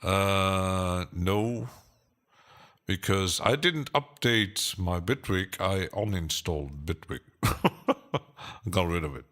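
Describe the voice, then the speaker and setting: A man with a low voice hosts a relaxed live stream. He talks very slowly, with many pauses and fillers, and chuckles now and then as he answers chat.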